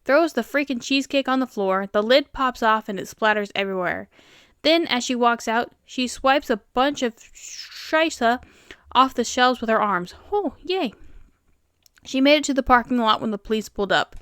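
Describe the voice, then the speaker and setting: A woman with a Southern US accent who hosts a show reading online stories, animated and quick to laugh. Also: fairly high pitch, clear, resonant tone, no room sound, studio quality. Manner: animated, laughs often, reads in voices. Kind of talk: casual storytelling and reaction.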